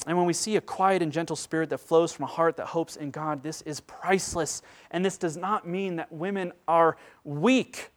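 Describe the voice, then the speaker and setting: A man in his thirties delivers a sermon in a fairly high voice. He drops to a hushed intensity, then builds to loud, emphatic preaching. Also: steady tone, normal speed, few pauses. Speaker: pastor.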